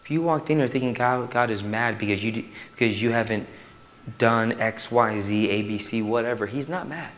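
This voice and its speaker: A male pastor preaching a sermon to his church in an animated way, swinging from loud to hushed. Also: mid-range voice, normal speed, slight background noise.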